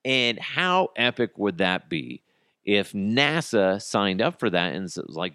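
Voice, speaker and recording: A man in his thirties hosting a podcast, ranting crudely and comically with sudden jumps in pitch. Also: big pitch swings, unhurried, bright, forceful tone, clear, resonant tone, dry recording, studio quality. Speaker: podcast host. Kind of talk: casual comedic monologue.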